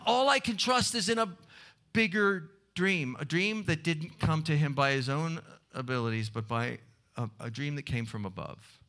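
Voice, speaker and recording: Male preacher, sermon, bright forceful tone, slightly high voice, storytelling delivery. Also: normal speed. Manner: storytelling with restarts and laughs.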